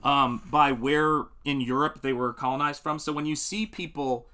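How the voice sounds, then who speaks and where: A middle-aged man with a higher voice and a sharp tone speaks at a moderate pace while hosting a painting livestream. Easygoing and rambling, he laughs often and answers what viewers write in the comments while he works.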